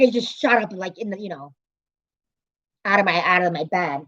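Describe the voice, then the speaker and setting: A woman's voice: fairly low pitch, lively intonation, brisk, long pauses, highs cut off. A woman hosting her own livestream in casual chat, rambling, laughing often and swearing freely. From American city. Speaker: livestream host.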